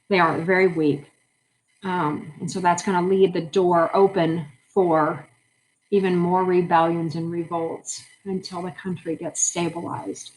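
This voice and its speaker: A woman's voice: lowish voice, rough recording. A woman teaching a recorded history lesson in a chatty, informal way, talking straight to her students. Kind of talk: casual recorded lecture.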